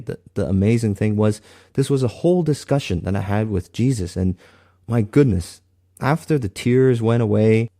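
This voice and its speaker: A man sharing a personal faith testimony in an earnest, halting way, often restarting his sentences. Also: fairly low pitch, warm tone.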